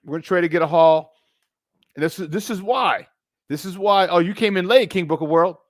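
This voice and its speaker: A middle-aged man hosting a live sports talk stream, animated and emphatic, repeating his points and greeting viewers by name. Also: sits high, brisk, no room sound, studio quality. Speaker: sports talk show host.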